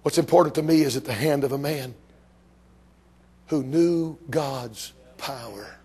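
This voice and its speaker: An older man preaching a sermon to a congregation, telling a personal story, swinging between hushed passages and shouted climaxes. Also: fairly high pitch, measured pace, slightly rough. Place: church before a congregation.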